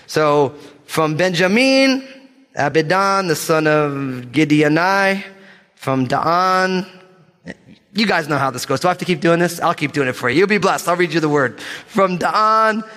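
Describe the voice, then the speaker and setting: Animated preacher in a reverberant church. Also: male voice, a little high. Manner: animated, joking asides, calls for amens. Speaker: pastor. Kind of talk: sermon. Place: church sanctuary. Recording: long reverb of a church hall.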